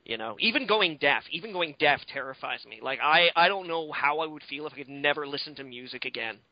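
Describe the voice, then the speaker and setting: A man's voice: a little high, animated, fairly quick, dry recording, dull audio. A man co-hosting a podcast in casual chat, rambling and swearing freely with lots of fillers. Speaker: podcast co-host.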